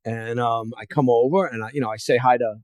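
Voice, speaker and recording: Brisk and steady, with a slightly mellow, medium-pitched voice and no echo, a man hosts a laid-back podcast interview. He recounts long martial arts anecdotes packed with fillers, acting out others' words as he goes.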